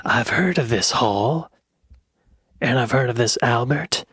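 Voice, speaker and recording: A man hosting a reaction video. He talks in a playful, joking way and often drops into soft whispered asides. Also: mid-range voice, a little slow, pauses often, breathy edge, faint music behind. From United States. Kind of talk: casual reaction commentary.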